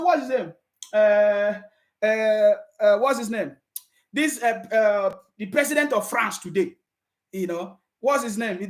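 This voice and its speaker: A Nigerian woman with a Nigerian accent talks straight to her viewers in a fervent political commentary vlog. Her voice sits high, and she stresses her points by repeating them, sometimes rising to a shout. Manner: emphatic, repetitive, sometimes shouting.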